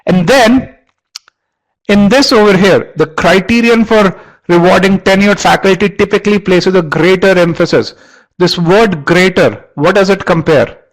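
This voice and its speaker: A man's voice: sits high, unhurried, low-quality recording. A man teaching a live online webinar, often repeating words as he restarts and quizzing his audience. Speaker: online course instructor.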